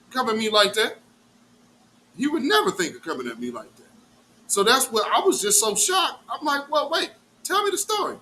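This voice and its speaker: A man's voice: sits high, slight background noise. A middle-aged man hosting a live show, telling a story in a casual, profane rant. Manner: animated, profane, acts out quotes.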